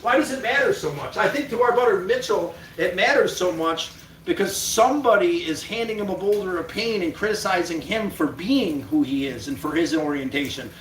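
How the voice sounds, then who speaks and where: A man's voice: high-pitched, lively intonation, brisk, a bit bright. A man hosting a stream, chatting casually in a laid-back, teasing way and swearing freely. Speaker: livestream host. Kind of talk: casual chat. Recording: echoey, distant mic, background noise.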